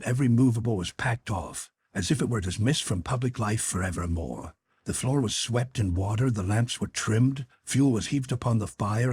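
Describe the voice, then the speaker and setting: A male audiobook narrator reading a classic story with expressive delivery. His low voice is strongly husky and moves lively up and down. The sound is dry and close. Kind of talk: scripted narration.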